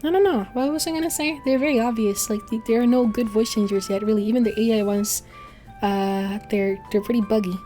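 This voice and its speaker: A woman's voice: fairly high pitch, brisk, mellow, soft background music. Rambling, profane woman streamer. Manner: rambling, profane, frequent laughs. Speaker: VTuber streamer. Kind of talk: casual livestream chat.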